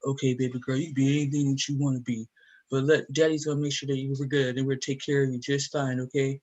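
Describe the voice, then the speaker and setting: A man putting on a deeper "man voice" to play a doting father who coos gently at his daughter. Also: little pitch movement, fast talker, close to an everyday voice. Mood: reassuring. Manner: low, gentle, cooing. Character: doting gruff dad, soft with his daughter.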